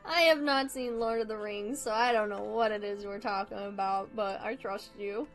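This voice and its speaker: A woman's voice: mid-range voice, steady tone, normal speed, soft background music, poor audio. A woman livestreaming as she draws, chatting casually with her viewers, laughing often, swearing casually and apologizing with a self-deprecating tone. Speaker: livestreamer drawing for chat.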